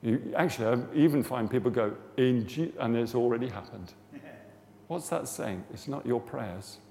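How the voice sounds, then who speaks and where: A man's voice: medium pitch, normal speed, gravelly, dark tone. A man giving an informal sermon on healing prayer, chatty and storytelling, rising to fervent emphasis. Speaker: preacher teaching on healing prayer. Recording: long hall reverb, faint background noise.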